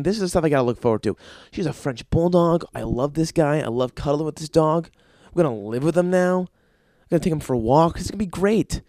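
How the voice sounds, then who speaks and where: Young guy ranting solo on his podcast, kinda high voice, crude and rambly, dry close sound. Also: warm tone, no room sound. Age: young adult. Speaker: podcast host.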